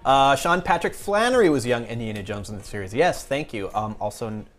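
A man's voice: mid-range voice, animated, a little fast, faint music behind. A man co-hosting a web show, easygoing and trailing off as he chats. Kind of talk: casual chat.

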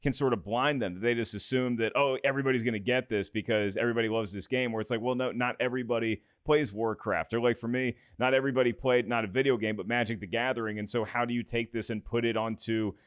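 An upbeat, enthusiastic man hosting a podcast, at a middle pitch. His voice is close and dry, with no room sound, as he chats and reads promos. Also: fairly even intonation, quick pace, hardly any pauses, clean tone, no room sound. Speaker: podcast host. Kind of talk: podcast talk and promo reading.

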